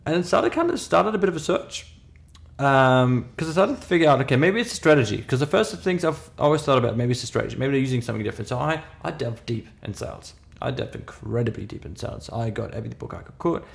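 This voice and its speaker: A man's voice: mid-range voice, expressive, quick pace, gravelly. A man in his thirties with a foreign accent, telling a story in a casual podcast conversation, emphatic with many restarts. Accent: foreign accent in English. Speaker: podcast co-host.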